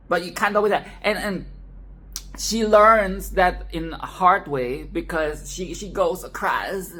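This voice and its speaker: A leisurely, unhurried voice at a middle pitch talks through a film in a loose, chatty monologue. The tone is sarcastic and often breaks into laughter, with plenty of swearing along the way. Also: a bit bright. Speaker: film commentary host. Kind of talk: casual film review monologue.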